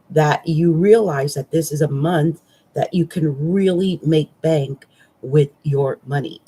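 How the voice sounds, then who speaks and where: A woman's voice: deep voice, warm tone, slightly rough. A woman astrologer giving a casual, rambling horoscope reading, with fillers and restarts.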